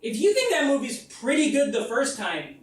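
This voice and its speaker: An American man telling a profane comic story live on stage, breaking into shouted bits. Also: extremely high pitch, huge pitch swings, moderate pace. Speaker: comedian. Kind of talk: comedic one-man stage show. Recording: echoey live room, mic far off.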